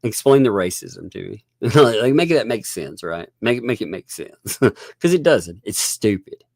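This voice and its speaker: A man's voice: fairly low pitch, expressive, measured pace, creaky, darkish tone, dry recording, studio quality. A man with a Southern US accent hosting a casual livestream, rambling, chuckling often and thanking viewers. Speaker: livestream host.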